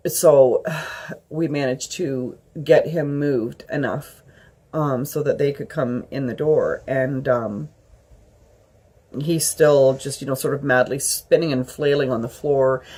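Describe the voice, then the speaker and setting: Breathy woman in her fifties rambling. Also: rumbling low, darkish tone. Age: 50s. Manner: rambling, halting with many fillers. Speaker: vlogger. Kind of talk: personal storytelling.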